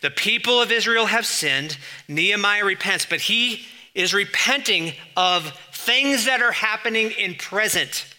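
A man delivers a sermon in a very bright, ringing voice pitched slightly high. He talks to the congregation in a conversational way, reading scripture aloud and slipping into quick asides. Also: lively intonation. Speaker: pastor.

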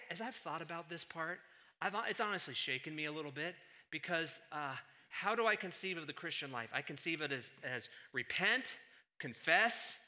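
Bright-voiced man preaching with emphasis. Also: fairly high pitch. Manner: emphatic preaching, swings from hushed to loud. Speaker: pastor. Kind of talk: sermon.

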